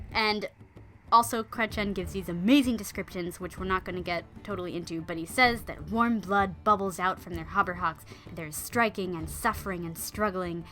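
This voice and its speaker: A woman's voice: medium pitch, sharp tone. A woman podcast host retelling an old legend in a chatty, playful storytelling style with casual asides.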